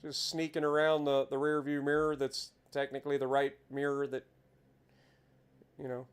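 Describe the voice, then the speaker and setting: A man with an Appalachian accent giving chatty, excitable commentary while playing a driving game. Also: medium pitch, moderate pace, clean tone. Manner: chatty, easily excited, exclaims at scenery. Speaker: game streamer. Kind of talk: casual gameplay commentary.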